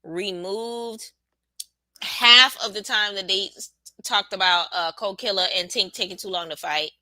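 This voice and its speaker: This live-stream show host runs a reaction stream, chatting casually and sassily with her audience in a very bright, forward voice. Her voice sits in the mid-range and her pace is unhurried. The recording is dry and close-miked.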